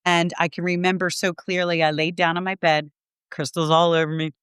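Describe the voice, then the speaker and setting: A middle-aged woman talking as a podcast guest, sharing a personal story earnestly and from the heart. Her voice is lowish and smooth, and the sound is dry and close. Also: flat delivery, fairly quick, a bit bright, no room sound. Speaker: podcast guest, Reiki teacher.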